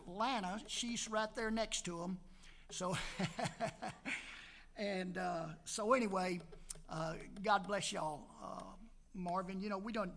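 A man's voice: high-pitched, gravelly, a bit bright. An older man preaching a folksy sermon in a church, joking with the congregation and calling out amen between Scripture readings and prayer. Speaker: pastor. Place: church sanctuary.

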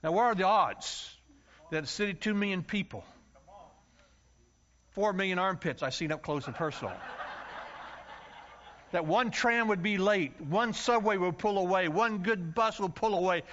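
A man from the United States preaching a story-filled sermon, acting out voices and yelling for comic effect. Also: sits high, normal speed, pauses often. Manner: animated, acts out voices and yells for comic effect. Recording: dull lo-fi sound.

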